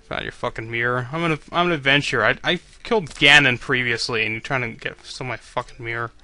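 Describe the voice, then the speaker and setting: A man's voice: mid-range voice, fast, sharp tone. A man commentating on a video game he is playing, swearing constantly and griping sarcastically at the characters. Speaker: let's play commentator.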